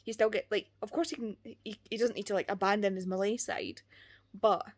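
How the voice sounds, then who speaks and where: Earnest young Scottish woman book vlogger, mid pitch, rambling casual delivery. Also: fairly even intonation, fairly quick. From Scotland. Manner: earnest, rambling, many "like" fillers. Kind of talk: casual chat.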